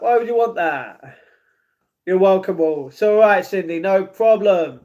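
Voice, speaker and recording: A man chatting casually on a live stream, reading chat messages, laughing often and trailing off quietly. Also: high voice, a little slow, muffled recording.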